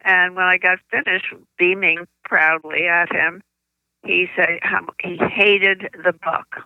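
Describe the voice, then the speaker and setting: An older woman, a children's book author, telling stories in an interview, with halting speech and frequent restarts, on slightly muffled lo-fi audio. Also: on the low side, little pitch movement, clean tone, no room sound. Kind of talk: conversational interview storytelling.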